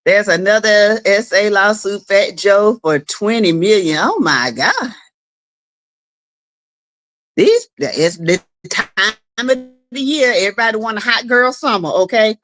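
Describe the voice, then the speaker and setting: A woman hosts a relaxed live stream from her home. She talks at an unhurried pace, chatting loosely, greeting viewers one by one and laughing easily. Her voice sits at a middling pitch. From South Carolina. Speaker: livestream host. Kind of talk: casual live chat.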